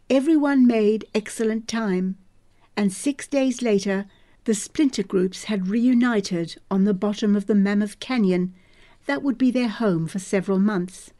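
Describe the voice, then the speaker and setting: A woman narrating a novel as an audiobook in a measured, even storytelling manner. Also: medium pitch.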